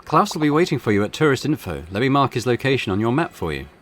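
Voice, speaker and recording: A man's voice: sing-song, fast, a bit bright, faint music behind. A man voicing a cheerful female innkeeper in a game, with a wobbly mock German accent. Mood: polite. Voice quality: high falsetto-like, wobbly accent attempt. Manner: polite, fussy hostess lines.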